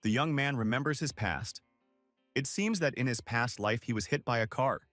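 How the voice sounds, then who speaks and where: A man's voice: mid-range voice, moderate pace, fairly bright tone, no echo, faint music behind. Man with dramatic recap narration. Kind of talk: scripted story narration.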